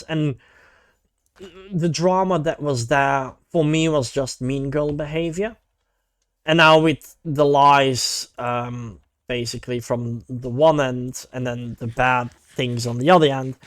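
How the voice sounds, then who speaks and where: In a dry, clean studio recording, a man with a slightly high voice streams and chats casually and animatedly about online drama. He swears freely and keeps saying "mate".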